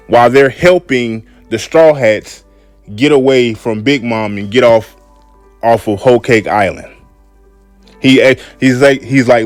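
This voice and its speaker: A man's voice: mid-range voice, darkish tone, no echo. A man hosting a casual solo podcast, laid-back and repetitive, often saying "man". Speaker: podcast host.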